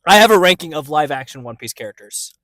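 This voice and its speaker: A man's voice: a little high, animated, quick pace, bright, forceful tone, no echo. A man co-hosting a movie podcast, casual and easygoing, with many fillers. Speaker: podcast co-host. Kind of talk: casual chat.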